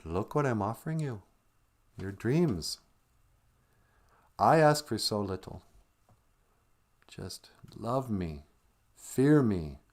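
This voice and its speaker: A haughty goblin king speaks in grand, commanding tones, as a man puts on an impression of him. The delivery is theatrical, with drawn-out lines in a voice that stays fairly low. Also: very animated, heavily acted. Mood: seductive.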